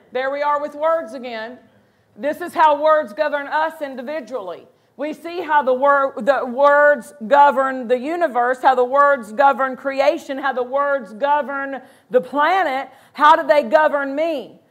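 High-voiced woman pastor preaching. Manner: emphatic, slows down to quote scripture; animated, bursts of excitement. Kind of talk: sermon.

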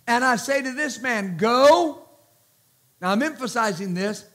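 A man preaching a sermon as pastor, slow and emphatic, repeating words and calling out praise between points. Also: very high voice, a bit bright.

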